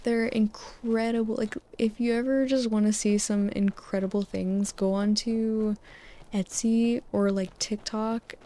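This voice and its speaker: Speaking softly over gameplay for a sleep-aid video, a young woman who hosts a gaming channel wanders from one tangent to the next, filling her talk with "like" and drifting into whispers. She sits close to a desktop USB mic. Her mid-range voice has fairly even intonation and a measured pace.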